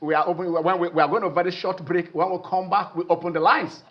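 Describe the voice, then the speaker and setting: A Nigerian man hosting a sports phone-in show, excitable and repetitive, often trailing off mid-sentence. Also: high-pitched, fast talker, muffled recording. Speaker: sports talk show host. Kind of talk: animated phone-in sports talk.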